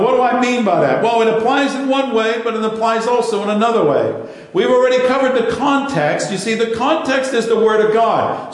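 A male pastor preaching a sermon in a conversational way, repeating words and asking the congregation questions. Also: high voice. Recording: very echoey room.

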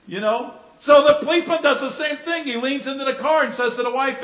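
A man's voice: very high-pitched, fairly quick, few pauses, fairly bright tone, roomy sound, poor audio. A man preaching a sermon in a folksy, joking storytelling way. He often repeats words as he goes.

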